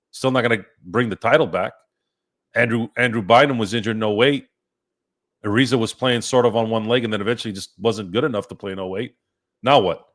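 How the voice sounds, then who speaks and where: A man hosting a live-stream sports chat, ranting and cursing in a fired-up way. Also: mid-range voice. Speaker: sports podcast host.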